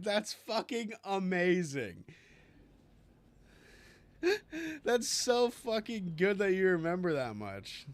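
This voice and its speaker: A man's voice: high-pitched, very animated, slow, pauses often. A young man playing a video game, reading dialogue choices aloud and joking with a lot of swearing. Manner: profane, joking. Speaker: gamer streamer. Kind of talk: casual gameplay commentary, reading dialogue aloud.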